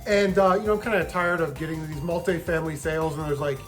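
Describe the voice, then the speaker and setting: Soft music plays behind a man whose quick, somewhat bright voice sits on the high side with fairly even intonation. In a casual storytelling vlog, he recounts his video game hunting trip, swearing freely and mimicking the people he bargained with.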